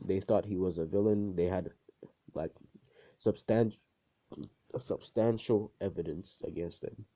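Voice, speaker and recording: Low-voiced young man rambling a fan story. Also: warm tone, a little hiss or hum. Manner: rambling, profane, filler-heavy slang. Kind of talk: casual improvised fan story. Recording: dull lo-fi home recording.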